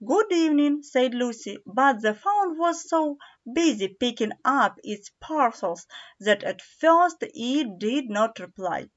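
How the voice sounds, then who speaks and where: A woman reading a children's storybook aloud, slow and careful, as an audiobook narrator. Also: fairly high pitch, expressive, fairly bright tone, muffled recording. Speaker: audiobook reader.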